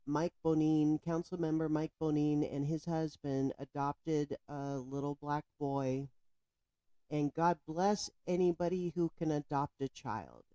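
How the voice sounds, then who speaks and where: A woman's voice: a bass voice, mellow, no echo. A woman giving indignant, emphatic commentary on a news story, speaking straight to the viewer. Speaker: political commentator.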